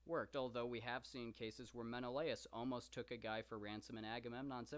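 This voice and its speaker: On a live stream about the Iliad, a man with a steady mid-range voice talks a little fast with hardly any pauses. He's casual and eager, wandering through fillers and side comments as he reads and discusses the epic.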